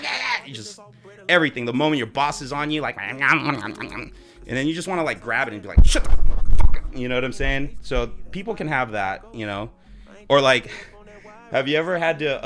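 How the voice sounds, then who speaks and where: A man live-streaming in a loose, joking chat, swearing freely and switching into high mock voices now and then. His voice is bright and forceful at a middle pitch, with faint music playing behind him. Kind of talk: casual chat.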